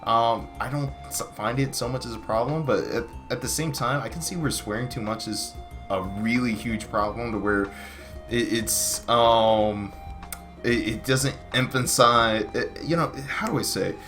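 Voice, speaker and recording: A man's voice: mid-range voice, a little slow, fairly bright tone, faint music behind. A man hosting a casual podcast, rambling with lots of fillers and restarts. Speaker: podcast host.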